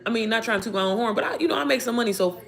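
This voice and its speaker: A fast-talking, animated woman with a fairly high voice tells a story in a casual storytime vlog. She's an online business coach who swears and calls her viewers "y'all" and "baby."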